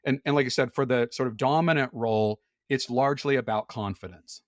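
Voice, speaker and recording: Candid man explaining in a relaxed chat. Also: mid-range voice, a little fast, dry recording, studio quality. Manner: candid, explanatory, often laughs. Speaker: podcast guest. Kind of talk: casual conversation.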